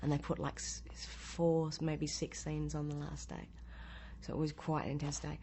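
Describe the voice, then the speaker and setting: An actress telling an interview anecdote in a lively way, acting out the lines she quotes. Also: low-pitched, moderate pace, a little hiss or hum.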